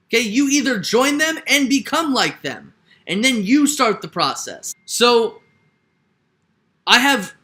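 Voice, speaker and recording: A young male sports commentator rants emphatically in a very high, sharp voice. In this opinion monologue he keeps repeating his points and tacks "right?" onto his lines.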